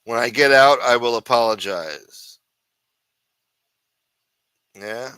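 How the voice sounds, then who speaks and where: A man's voice: mid-range voice, takes it slowly, sharp tone, smooth, dry recording. A man hosting a casual livestream show, rambling and teasing with plenty of profanity. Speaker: show host.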